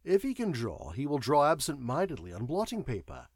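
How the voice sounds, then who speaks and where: A man narrating a story in an expressive storytelling manner. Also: mid-range voice, fairly quick, slightly rough, no room sound, studio quality. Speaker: audiobook narrator. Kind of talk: scripted narration.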